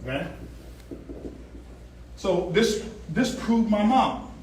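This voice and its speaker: A man giving a lively motivational seminar talk, telling stories and joking with a live audience. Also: sits high, drawn-out words. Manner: animated storyteller, jokes with the crowd, asks for hands. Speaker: motivational speaker on stage. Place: large event hall. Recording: echoey hall, distant mic.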